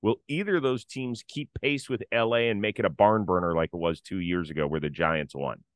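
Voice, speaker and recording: Low-voiced man hosting a sports talk show. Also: fairly quick, no room sound. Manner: conversational, leads the segments. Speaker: podcast host.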